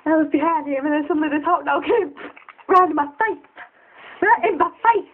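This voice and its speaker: A young girl telling funny stories to camera, giggly and excitable, often jumping into squeaky voices. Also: a little fast. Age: child. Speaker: storyteller. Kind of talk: casual storytelling to camera. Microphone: phone. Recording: tinny phone recording.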